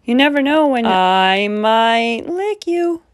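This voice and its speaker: A woman's voice: a little high, lively intonation, slow, dry recording, studio quality. Woman putting on a big scruffy boy monster, slurping, slobbery, whiny, drawn out. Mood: goofy.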